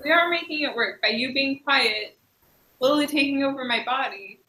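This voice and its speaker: A woman's voice: high voice, normal speed, sharp tone. A woman playing her character in a tabletop game, sulky and dramatic. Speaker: player. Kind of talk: tabletop role-play. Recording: echoey room.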